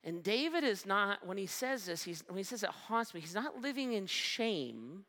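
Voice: medium pitch, sing-song, moderate pace, bright, forceful tone. A pastor preaching a sermon with emphasis, repeating phrases and asking the listeners questions. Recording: long hall reverb.

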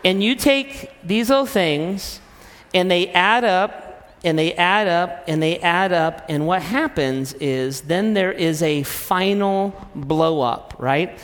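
A man with a high speaking voice gives a loose, joking talk to a crowd. He pokes fun at himself as he goes. His voice trails off into a long hall reverb. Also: slow, a bit bright. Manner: conversational, self-deprecating, jokey. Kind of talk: humorous sermon-style talk.

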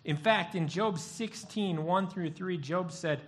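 A man's voice: medium pitch, normal speed, few pauses. A male pastor giving a sermon, telling stories and acting out the voices of the people in them. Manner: animated storytelling, acts out voices.

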